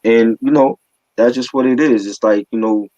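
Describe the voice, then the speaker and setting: A man's voice: mid-range voice, steady tone, moderate pace, warm tone, dry recording, poor audio. A man co-hosting a casual hip hop album review, slangy, joking and opinionated.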